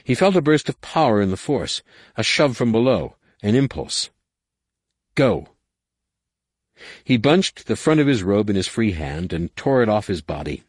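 A man reading an audiobook in a measured, dramatic narration. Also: fairly low pitch, sing-song, no echo, studio quality. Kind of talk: scripted narration.

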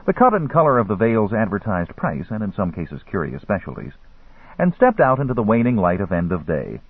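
A man's voice: on the low side, wildly swooping pitch, fairly quick, breathy edge, no echo. A man narrating an audiobook in a wry storytelling manner, on a dry, phone-like recording. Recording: dry, phone-like narrow sound.

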